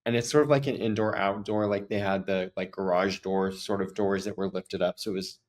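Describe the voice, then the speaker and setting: A man with a fairly low voice tells a story as a podcast host. He talks in a loose, chatty way and fills his sentences with "like" as he goes. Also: fairly even intonation, a little fast. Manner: chatty, frequent "like" fillers. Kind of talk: casual storytelling.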